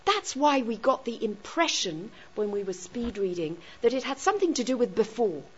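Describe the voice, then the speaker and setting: A woman's voice: on the high side, breathy edge, muffled recording. A woman teaching a grammar lesson to a class, often checking in with rhetorical questions such as "right?" and "okay?".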